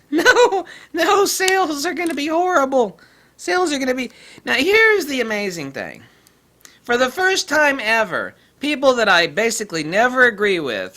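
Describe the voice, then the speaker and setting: Indignant male vlog host, sarcastic rant, animated swoops in pitch. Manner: sarcastic, indignant, laughs often. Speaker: camera reviewer, channel host. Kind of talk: ranting vlog commentary.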